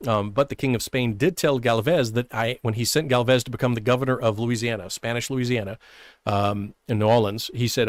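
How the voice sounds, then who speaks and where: A man talks history in a quick, lively stream host's voice, full of asides and little chuckles. He sits close to the mic, and the sound is dry, with no room in it. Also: medium pitch, no echo. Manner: fast, conversational, with chuckles and many "right?" asides. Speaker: history show host. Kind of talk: casual live-stream history talk.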